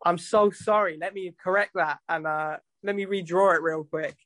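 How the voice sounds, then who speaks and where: A man's voice: high voice, steady tone, normal speed, a bit bright, no echo. A man, a musician guest telling stories in a casual chat, rambling and swearing freely. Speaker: guest musician and tattoo artist.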